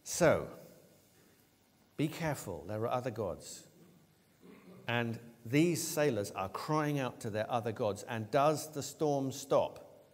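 A man preaching a sermon, retelling a story with lively, acted-out voices for the characters. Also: mid-range voice, slow, long pauses. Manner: animated storytelling, acting out quoted lines. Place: church. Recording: long church reverb.

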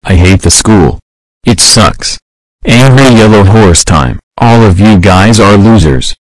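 A man voicing a hot-tempered male cartoon horse who hurls insults and threats in short, flat sentences. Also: on the low side, takes it slowly, no echo. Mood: furious.

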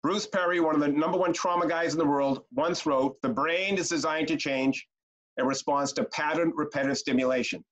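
A man's voice: on the high side, fairly quick. A middle-aged man leading a training webinar, telling stories and chanting short rhymes with lots of energy. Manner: animated, chanting rhymes, storytelling. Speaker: youth care trainer. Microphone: video call. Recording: dull lo-fi webinar audio.

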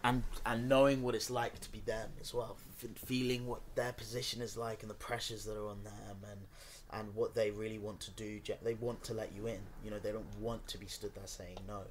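A man co-hosting a podcast, talking in a relaxed and reflective way. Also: lowish voice, brisk, few pauses, a little hiss or hum. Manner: relaxed, reflective, lots of short agreements. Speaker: podcast co-host. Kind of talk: casual conversation.

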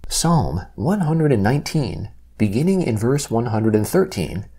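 A man reading Bible passages aloud in a measured, steady way, giving the quoted lines only a light lift. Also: medium pitch, slightly rough. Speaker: Bible reader.

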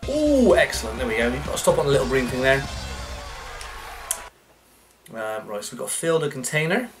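A man commentates on his own play, out of breath and swearing at the controls. His pitch swings widely, climbing high when he gets frustrated. Cheerful game music plays clearly underneath. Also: big pitch swings, fairly quick. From United Kingdom. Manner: swears often, shouts at the controls. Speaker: gaming YouTuber. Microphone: facecam with desk mic. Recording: game music playing behind the voice.

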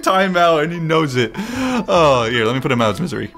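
A man giving excitable, joking let's-play commentary, swearing often and talking to the game as he plays. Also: a little high, a little fast. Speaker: gaming streamer. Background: game music.

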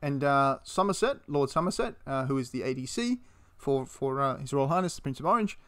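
This history host tells his battle story a little fast, his smooth voice sitting at medium pitch. The telling is laid-back but lively, with swearing and in-character delivery of the quotes.

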